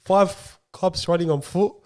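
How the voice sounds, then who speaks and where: An animated young man tells a story on a casual podcast. His voice sits a little high, and he laughs as he acts out quotes. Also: measured pace. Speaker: podcast co-host.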